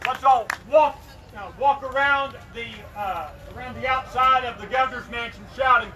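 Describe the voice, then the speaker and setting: A man's voice: extremely high pitch, moderate pace, pushed and bright, distant mic. A man speaking to an outdoor rally crowd, rousing and repetitive, heard among street and crowd noise. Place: outdoor protest on a city street. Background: crowd and traffic noise.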